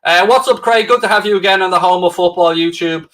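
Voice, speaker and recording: A man's voice: high voice, quick pace, fairly bright tone. A middle-aged Irish man co-hosting a football stream, chatting casually and teasing viewers with sarcasm. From Ireland. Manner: banters with chat, sarcastic and teasing. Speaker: co-host of football watchalong stream. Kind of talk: casual live-stream chat.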